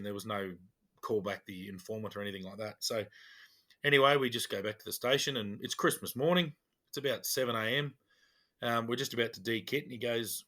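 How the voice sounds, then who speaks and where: An Australian man, a police officer co-hosting a podcast, telling stories in a casual, animated way and acting out the dialogue. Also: lowish voice. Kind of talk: casual storytelling chat.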